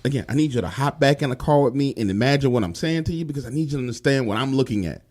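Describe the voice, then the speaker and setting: A man telling a true horror story in a profane, animated, street-style way. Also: mid-range voice, rapid-fire.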